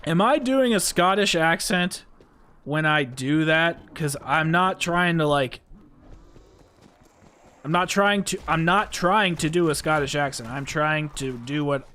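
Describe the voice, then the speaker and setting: This young man from the United States has a fairly high voice, unhurried yet pushed and bright. As a gaming podcast host he chats casually while playing, rambling along and laughing a lot.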